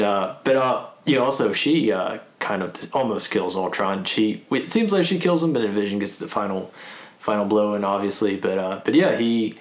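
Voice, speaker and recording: A man's voice: on the low side, echoey room. A man co-hosting a podcast, casually and eagerly talking through a movie with plenty of fillers. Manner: enthusiastic fan, lots of fillers. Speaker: podcast co-host.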